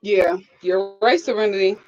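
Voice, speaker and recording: A woman chats on a live stream in a lively storytelling way, acting out what people said and laughing often. Her voice sits at a middling pitch. The sound is slightly dull and lo-fi. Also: moderate pace, a little hiss or hum. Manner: animated storyteller who acts out quotes and laughs often. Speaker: live-stream reviewer reading viewer comments. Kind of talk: casual live-stream chat.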